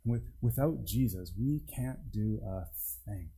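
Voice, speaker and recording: A man preaches in a relaxed, conversational way and often restarts his phrases. His tone is mellow and warm, and he drops to a hush on his key points. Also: fairly low pitch, slow, few pauses, husky, rough recording. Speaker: pastor. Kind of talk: sermon.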